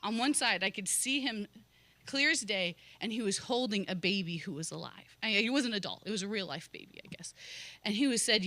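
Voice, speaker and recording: A woman's voice: medium pitch, fairly quick, sharp tone, dry recording. A young woman telling a personal testimony at a church service, emotional and laughing often as she acts out her own words. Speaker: church member giving a testimony.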